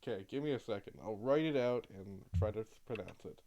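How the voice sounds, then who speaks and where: A man's voice: on the low side, fast, warm tone. A man narrating as game master in a casual, swearing, laughing style.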